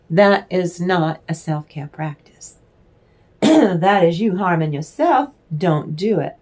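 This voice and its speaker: A woman giving a casual spiritual tarot reading, rambling and affectionate, stopping now and then to clear her throat. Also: on the low side, darkish tone. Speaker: tarot reader.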